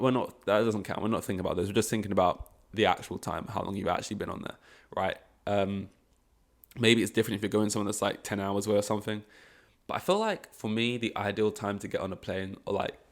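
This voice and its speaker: A young man talks alone on his podcast in a loose, rambling way. His voice sits on the low side, and he often stops mid-thought to correct himself. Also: a little fast. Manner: rambling, self-correcting, frustrated asides. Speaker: podcast host. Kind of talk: casual solo podcast chat.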